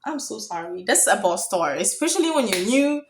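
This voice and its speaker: A young woman from Africa telling a story in a casual vlog, chatty and excitable, getting loud when thrilled. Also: medium pitch, a little fast, a little hiss or hum. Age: young adult. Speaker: vlogger.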